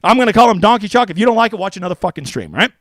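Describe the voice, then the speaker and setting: A man streaming fantasy golf picks in casual livestream commentary, brash and profane, excitable and jokey. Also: high-pitched, very fast, dry recording. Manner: excitable, with mock voices.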